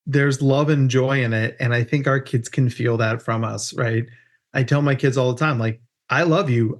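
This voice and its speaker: A man's voice: mid-range voice, steady tone, normal speed. Joking man hosting a podcast. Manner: upbeat, joking, says "right?" a lot. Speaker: podcast host. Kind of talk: casual podcast chat.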